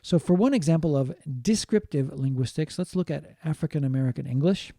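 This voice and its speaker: A man giving a linguistics lecture, explaining slowly, repeating key points and adding short Japanese glosses. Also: a little high, expressive, vocal fry, dark tone, no room sound, studio quality. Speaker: linguistics teacher. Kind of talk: online lecture.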